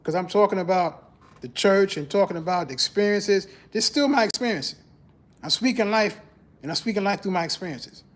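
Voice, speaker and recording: A man hosting a podcast in casual, conversational faith talk, greeting viewers and repeating his phrases. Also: a little fast. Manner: animated, rises in pitch when mocking church talk. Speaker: podcast host.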